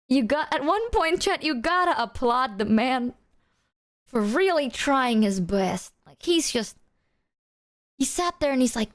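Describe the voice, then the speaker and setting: A woman streamer telling a story to her chat in a casual, animated way, swearing freely. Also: high-pitched, measured pace.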